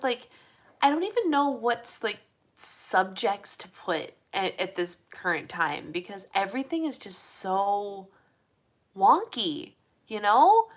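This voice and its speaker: A woman's voice: fairly low pitch, a bit bright. A young woman from the United States hosting a casual live stream chat. She talks in a rambling way, laughs often, reads out viewer comments and says her voice is tired.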